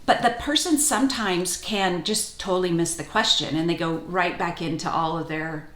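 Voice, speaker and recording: A woman's voice: on the low side, moderate pace, fairly bright tone. A woman co-hosting a casual faith podcast, speaking thoughtfully and personally. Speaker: podcast co-host. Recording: roomy echo.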